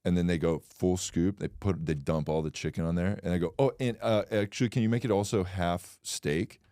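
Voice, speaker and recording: A man co-hosting a casual comedic podcast, swearing freely and jumping into shrill mock voices when he tells a story. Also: brisk, dark tone, no echo, studio quality. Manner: profane, acts out shrill voices in anecdotes. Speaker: podcast co-host.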